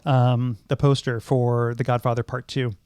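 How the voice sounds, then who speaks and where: A man's voice: medium pitch, flat delivery, moderate pace, darkish tone, clean tone, dry recording. A middle-aged man and podcast co-host, talking through films thoughtfully, with many ums and restarts. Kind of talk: casual film discussion.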